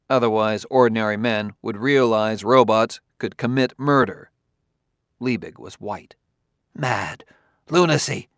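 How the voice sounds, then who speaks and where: A man giving measured scripted narration of a novel as an audiobook narrator. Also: lowish voice, a bit bright, no room sound, studio quality.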